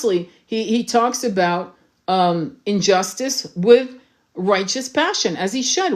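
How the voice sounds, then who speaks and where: A woman tarot reader, raised in France, talking passionately and urgently to her livestream viewers, swearing freely and repeating herself for emphasis. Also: mid-range voice.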